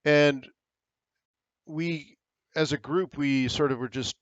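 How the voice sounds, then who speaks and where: A man's voice: on the high side, slow pace, no echo, lo-fi sound. An American man hosting a live trading webinar, giving casual, rambling market commentary with frequent fillers.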